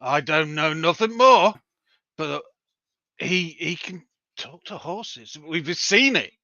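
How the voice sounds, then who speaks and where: Unsure tabletop player, sharp, higher voice; dry, muffled mic. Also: male voice, expressive, slow pace, no echo.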